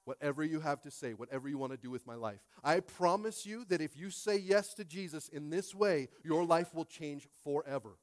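A pastor in his late thirties preaching a sermon, emphatic, swinging from quiet to loud and repeating phrases. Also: on the high side, expressive, moderate pace, hardly any pauses, no echo, clean studio sound.

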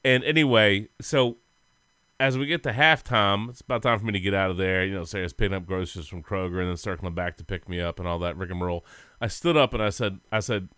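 A man's voice: deep voice, fast, bright, forceful tone, clear, resonant tone, dry recording, studio quality. A man co-hosting a sports podcast, telling rambling, goofy stories in casual chat and laughing often. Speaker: podcast co-host.

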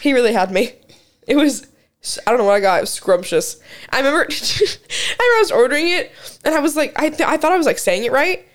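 Lively, animated young woman storyteller. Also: high-pitched, fast. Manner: animated storyteller, laughs often, swears casually. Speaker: podcast co-host. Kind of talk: casual chat.

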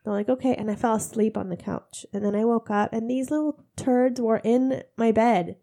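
A woman's voice: a little high, normal speed, creaky, mellow. A woman in her thirties, congested, telling stories in a casual chat with frequent laughter. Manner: chatty, laughing storyteller.

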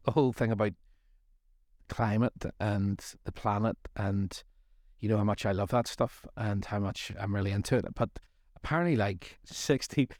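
A man's voice: on the low side, normal speed, a little mellow, no echo, studio quality. A middle-aged man co-hosting a faith study series, talking in a rambling, jokey way with self-deprecating asides. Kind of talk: casual faith discussion.

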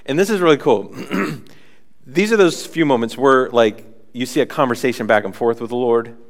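A man preaching a sermon, animated, acting out the people in the scripture with frequent asides. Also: mid-range voice, normal speed. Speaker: pastor.

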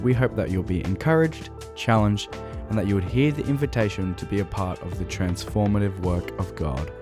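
A man reading a scripted podcast introduction in a smooth, welcoming way. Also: lowish voice. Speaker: podcast announcer. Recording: voice over guitar music.

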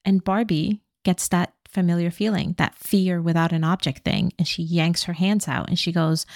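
A woman co-hosting a podcast, casually retelling a movie plot with animated, playful quoted lines. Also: fairly low pitch, moderate pace, vocal fry, few pauses, no echo, studio quality. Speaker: podcast co-host recapping a movie.

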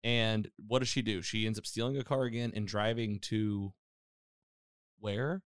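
A fairly low, smooth male voice, unhurried in pace, belongs to a podcast host retelling a TV episode in a casual chat. He animates the story with acted-out quotes and plenty of fillers. The audio is studio quality, free of room sound.

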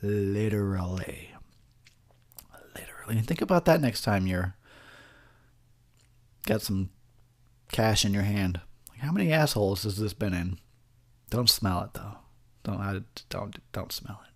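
A man's voice: lowish voice, lively intonation, unhurried, pauses often. Buzzed man rambling through crude commentary. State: tipsy, buzzed. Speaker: host. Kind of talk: drunken movie commentary.

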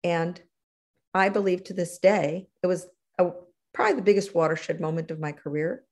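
A middle-aged woman, a guest in an interview, telling stories from her career in an animated conversational way. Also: moderate pace. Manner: animated, acts out quotes with big pitch jumps. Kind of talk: conversational storytelling.

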